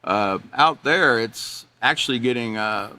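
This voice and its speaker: A man's voice: mid-range voice, unhurried, bright, forceful tone. A man leading an online teacher training class, talking loosely with restarts and laughing at his own examples.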